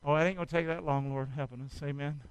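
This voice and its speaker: A man preaching a sermon, calling on the congregation to repeat after him and shouting exhortations. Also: on the high side, steady tone, fast, clear, resonant tone, no echo, low-quality recording. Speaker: pastor.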